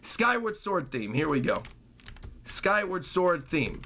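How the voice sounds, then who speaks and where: A young man streaming a live reaction to a manga chapter, excitably reading the dialogue aloud in a dramatic, drawn-out way. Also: a little high, vocal fry, soft background music.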